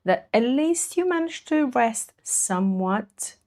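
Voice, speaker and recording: A woman's voice: fairly high pitch, animated, slow pace, a little mellow. A woman streaming her painting, chatting casually with viewers, laughing often and greeting them as she works. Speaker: artist streaming while painting. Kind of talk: casual livestream chat with viewers.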